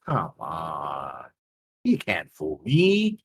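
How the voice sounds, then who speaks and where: A man's voice: a bass voice, wildly swooping pitch, drawn-out words, husky, voice pushed down, exaggerated voice. A man voicing a nervous, evasive male debtor who stammers and babbles in a tabletop game. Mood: flustered.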